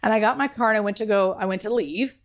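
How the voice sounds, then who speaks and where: A woman's voice: medium pitch, fast talker. A woman being interviewed, telling an emotional personal story in an earnest, heartfelt way, with many "like" fillers. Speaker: guest.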